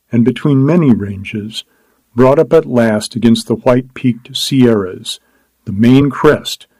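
A man narrating a story aloud in a measured, descriptive reading. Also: mid-range voice, a little mellow, no room sound, poor audio. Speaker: audiobook narrator. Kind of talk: scripted narration.

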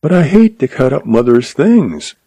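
A man's voice: mid-range voice, sing-song, moderate pace, warm tone, breathy edge, no room sound, voice pushed up. A man voicing a timid, sorrowful eighteen-year-old girl who speaks on the verge of tears.

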